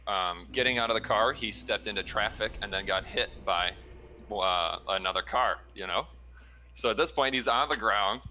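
Man, nurse guest, casual storyteller, lowish voice, crisp bright tone. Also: moderate pace, a little hiss or hum. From Chicago area. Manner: relaxed storytelling with fillers and laughs. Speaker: ER trauma nurse, caller. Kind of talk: casual chat.

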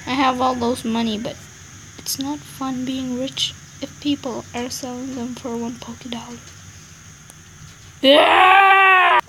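High-voiced young woman ranting over a game. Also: level tone, normal speed, background noise. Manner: annoyed, ranting, muttering asides. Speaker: gaming channel host. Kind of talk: casual game commentary.

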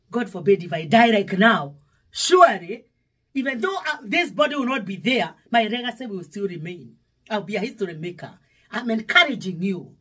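Husky Kenyan woman pastor preaching. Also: mid-range voice. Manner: emphatic, repeating phrases, sudden louder exclamations. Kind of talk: devotional sermon.

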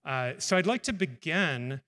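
A man's voice: fairly high pitch, lively intonation, a little slow, bright, forceful tone. A male professor moderating a panel on stage, speaking off the cuff with frequent filler words. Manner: hesitant, many uh fillers, friendly. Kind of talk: unscripted moderating. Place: lecture hall stage. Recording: long hall reverb.

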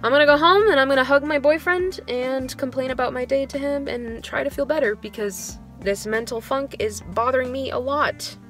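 A young woman in her twenties talks through a rough day as a schoolteacher. Her voice sits a little high and sounds dejected and low on motivation. She rambles, dropping "like" into nearly every sentence. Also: steady tone, normal speed, few pauses, a bit bright, faint music behind. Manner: rambling storytelling, filler "like" throughout. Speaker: elementary school music teacher. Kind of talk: casual vlog venting.

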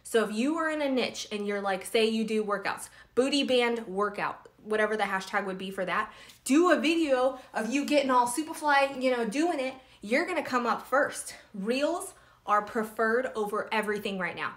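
A woman's voice: mid-range voice, expressive, normal speed, fairly bright tone. A woman hosting a casual live stream for small business owners, talking bluntly and feistily, cursing freely. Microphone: phone or webcam live stream.

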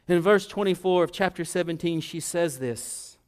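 A man preaching a sermon as pastor, building to loud, impassioned crescendos and then dropping to hushed, low asides. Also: normal speed, few pauses, smooth.

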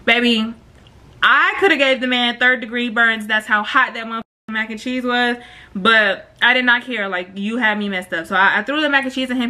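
A woman's voice: fairly high pitch, a little fast. A woman telling a story on her vlog in slangy casual chat, acting out what people said. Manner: slangy, animated, acts out quoted voices. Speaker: storytime vlogger.

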